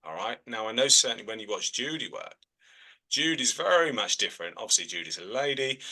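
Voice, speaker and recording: A man's voice: fairly low pitch, expressive, fairly quick, pushed and bright, low-quality recording. A man who works as a trance medium, answering students' questions in a chatty teaching manner. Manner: chatty, frequent "all right?" check-ins. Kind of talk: relaxed teaching in a video call.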